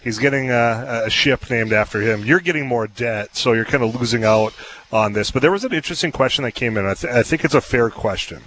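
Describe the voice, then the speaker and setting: A man's voice: mid-range voice, brisk, fairly bright tone, slight background noise, rough recording. A man hosting a talk radio show, chatting casually and telling stories with frequent fillers and laughs, in a radio studio. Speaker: radio host.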